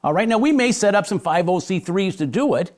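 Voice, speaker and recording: A man's voice: high-pitched, lively intonation, fairly quick, a little mellow. A man, a pastor, speaking with energy and emphasis in a live interview, often repeating words as he builds his point. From Chicago area.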